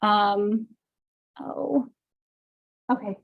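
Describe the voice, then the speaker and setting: Woman giving an academic seminar talk, gravelly. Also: mid-range voice, extremely slow, lo-fi sound. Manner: frequent ums, thoughtful and explanatory. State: voice getting tired. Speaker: seminar speaker.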